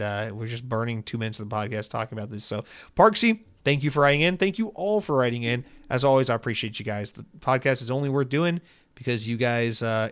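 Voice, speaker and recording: A man's voice: mid-range voice, a bit bright, smooth, dry recording. Rambling, profane male podcast host. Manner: rambling, profane, self-deprecating. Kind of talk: casual chat reading listener mail.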